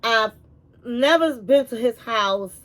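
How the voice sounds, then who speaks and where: A woman hosting a casual reality TV recap, telling the story in a chatty, animated way with asides like "honey". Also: fairly high pitch, slow pace.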